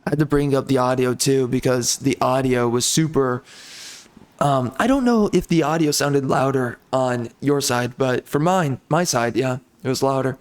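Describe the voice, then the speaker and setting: A man hosting a gaming channel, ranting angrily and profanely over gameplay, agitated and repeating himself as he stumbles over words. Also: medium pitch. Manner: angry, profane, stammering repetitions. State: agitated, seething.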